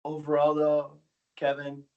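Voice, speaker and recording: A man's voice: fairly high pitch, completely flat delivery, measured pace, phone-quality sound. A young man co-hosting a casual podcast chat, swearing freely and laughing along. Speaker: podcast co-host.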